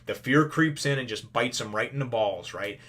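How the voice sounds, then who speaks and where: A man's voice: mid-range voice, moderate pace, a bit bright. A man hosting his own channel, talking through an anime episode in a loose, rambling way, often tossing in "you know" and "right?" and calling his viewers brothers and sisters. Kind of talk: casual spoken review.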